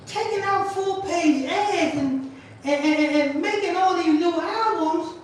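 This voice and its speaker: High-voiced woman ranting in an echoey room. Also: unhurried. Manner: loud, rambling, repeats herself, questions a voice assistant. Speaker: channel host. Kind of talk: ranting commentary stream. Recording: echoey room, far from mic, faint noise.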